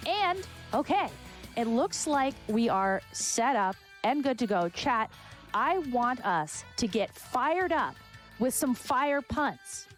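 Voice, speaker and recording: A woman's voice: on the high side, big pitch swings, slow, soft background music. A woman hosting a live charity stream, bubbly and enthusiastic as she talks to chat. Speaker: charity marathon host.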